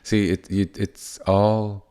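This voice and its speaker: A man giving a gentle spiritual teaching in a soft, unhurried way that wanders and restarts. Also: lowish voice, flat delivery, smooth.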